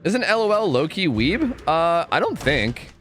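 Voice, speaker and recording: A man's voice: on the high side, big pitch swings, a little slow, fairly bright tone. A young man streaming a game, chatting casually and rambling through answers to chat, often stumbling and repeating words.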